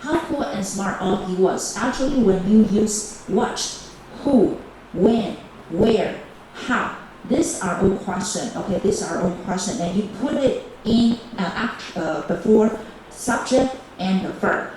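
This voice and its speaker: A woman teaching a bilingual grammar lesson to high school students, repeating key phrases and calling on teams. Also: unhurried, far from the mic. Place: large echoey classroom. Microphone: camera recording the class. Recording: echoey classroom video with background noise.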